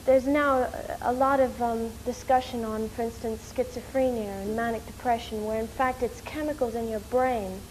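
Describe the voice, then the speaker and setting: A woman from New York telling a story in an interview, animated and rushing, with many fillers. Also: fairly high pitch, a little hiss or hum, poor audio. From New York, USA. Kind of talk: casual storytelling.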